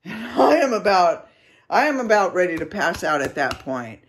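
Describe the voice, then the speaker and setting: A vlogger recounts a tale in a relaxed, chatty way. The voice sits at a middle pitch and stays lively, with small mouth sound effects and frequent "okay?" check-ins with the listener. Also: normal speed, a little hiss or hum. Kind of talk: casual storytelling.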